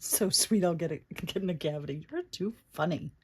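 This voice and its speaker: A middle-aged woman with a fairly low, husky voice talks a little fast while hosting a chatty craft tutorial on a livestream. Between steps she reads viewer comments aloud, staying warm toward her daughter and her audience.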